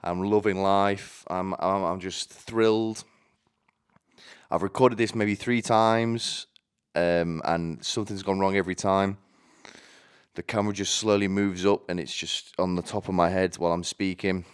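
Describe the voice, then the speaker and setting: A man delivering a rambling comedic monologue in a deadpan way, often stumbling and restarting his sentences. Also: deep voice, measured pace, smooth. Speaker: comedy vlogger.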